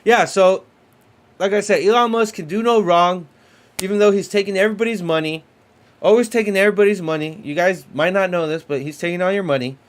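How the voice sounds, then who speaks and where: Male crypto streamer, slightly higher voice, excitable casual delivery, repetitive with fillers. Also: a little fast. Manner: excitable, repeats himself, lots of fillers. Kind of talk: casual livestream commentary.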